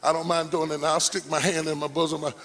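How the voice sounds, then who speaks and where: A man's voice: a little high, level tone, fairly bright tone, in a large hall, close to an everyday voice. A preacher voicing Moses as a reluctant man who halts, repeats words and pleads that he cannot speak. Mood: pleading. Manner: halting, self-doubting, repeats words.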